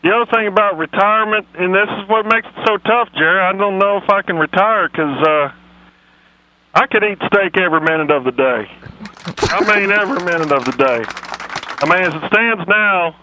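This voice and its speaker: A man putting on a dim, rambling, folksy old football coach, talking slowly on a phone-in. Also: sits high, bright, forceful tone, dry recording, low-quality recording. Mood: earnest, dim. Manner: slow, meandering, folksy drawl. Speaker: comedy phone-in character. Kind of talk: radio comedy impression.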